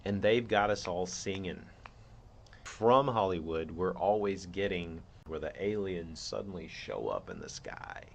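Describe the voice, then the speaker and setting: A man's voice: deep voice, lively intonation, unhurried, vocal fry, a little hiss or hum. A man hosting his own show, laying out a theory in an earnest, rambling monologue with many restarts. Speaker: podcast host.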